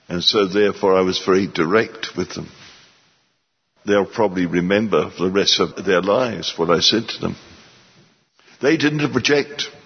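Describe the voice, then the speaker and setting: Man, preacher, sermon, husky voice, very slow, stern, dull lo-fi recording. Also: on the low side. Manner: slow, deliberate and stern, rising for emphasis. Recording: dull sound in a long-echoing hall.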